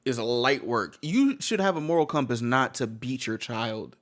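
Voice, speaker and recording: A man's voice: mid-range voice, animated, unhurried, fairly bright tone. A man giving heated reaction commentary on a video, blunt and slangy, swearing and repeating himself.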